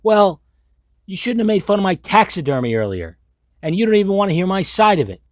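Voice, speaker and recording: A man's voice: sits high, sing-song, fairly quick, dry recording, studio quality, voice pushed up. A man doing a huffy, petulant motel keeper. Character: sulky defensive male motel keeper.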